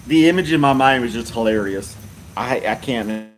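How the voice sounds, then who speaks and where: Male livestream host, casual chat, frequent helpless laughter, unhurried. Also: mid-range voice. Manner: laughs hard and often while talking.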